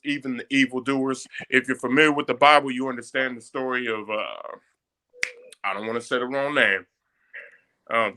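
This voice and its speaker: Man, bright tense voice, emphatic storyteller who moralizes. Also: medium pitch. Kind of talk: casual discussion.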